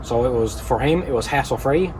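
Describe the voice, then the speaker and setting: A man's voice: mid-range voice, fairly quick, noisy background. A man with a Newfoundland accent chatting casually in a vlog about flipping cars, plain-spoken with dry humour. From Newfoundland, Canada. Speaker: car-flipping YouTuber.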